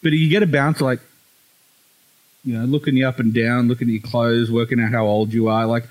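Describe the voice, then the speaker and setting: A man's voice: mid-range voice, flat delivery, brisk. A man in his thirties with an Australian accent, a podcast co-host in casual chat, sardonic and profane, often acting out the voices of people he met. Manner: sardonic, swears, acts out other people's voices.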